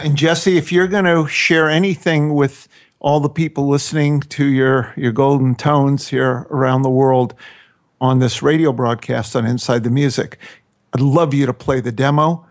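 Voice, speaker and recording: A man on a radio interview talking about his record with effusive enthusiasm. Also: mid-range voice. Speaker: record producer guest.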